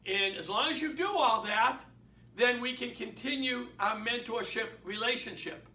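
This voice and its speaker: A man's voice: very high voice, moderate pace, pushed and bright, distant mic. A man with a Boston accent, a real estate mentor giving an emphatic motivational sales talk and repeating his key points. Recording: echoey room, away from the mic.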